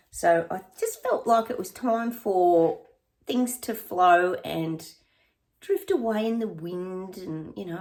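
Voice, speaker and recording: A middle-aged Australian woman chatting casually to her viewers in a rambling, friendly way, often calling them guys. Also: fairly low pitch. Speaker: psychic vlogger.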